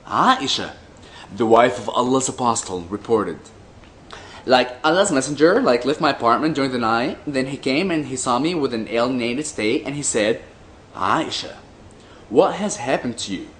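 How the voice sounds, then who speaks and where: A man reading religious texts aloud in a slow, deliberate way, breaking off for mocking, dry asides. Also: mid-range voice, expressive, a bit bright, slight background noise. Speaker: commentator reading hadith aloud.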